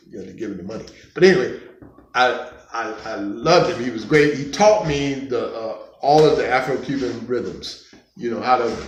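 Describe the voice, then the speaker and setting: A man in his fifties from the United States, casually telling stories about his life as a conga player, halting and rambling with many fillers and restarts. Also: medium pitch. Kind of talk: casual storytelling. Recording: echoey room, faint background noise.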